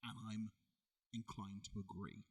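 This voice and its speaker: A man's voice: on the low side, flat delivery, unhurried, vocal fry, a little mellow, slightly rough, distant mic. A man co-hosting a podcast in casual, teasing banter, laughing often. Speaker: podcast co-host, wrestler.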